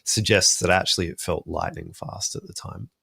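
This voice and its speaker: A man's voice: sits low, fairly even intonation, normal speed, creaky, sharp tone, husky, dry recording, clean studio sound. A young adult man with an Australian accent, chatting thoughtfully about film music as a podcast guest, with many fillers. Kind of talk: casual podcast discussion.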